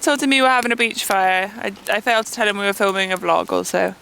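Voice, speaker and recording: A woman on a beach by a fire, holding the microphone and reading out questions in a brisk, playful way. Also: mid-range voice, steady tone, vocal fry, a bit bright. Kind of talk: casual chat. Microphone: handheld microphone.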